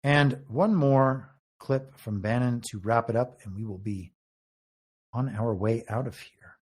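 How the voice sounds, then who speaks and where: A man's voice: medium pitch, measured pace, husky. Man giving political commentary. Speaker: show host and moderator. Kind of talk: political commentary, reading out news.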